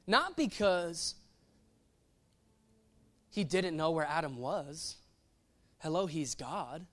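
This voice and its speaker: A man preaching a sermon in an animated, playful way, acting out little quotes as he goes. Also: fairly high pitch, slow, long pauses.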